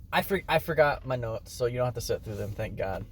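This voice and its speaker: A man's voice: mid-range voice, lively intonation. A young man co-hosting a comedy podcast, bantering goofily and cracking jokes. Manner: goofy, mock-ad voice, quick banter. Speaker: podcast co-host. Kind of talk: casual comedic chat. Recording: faint background noise.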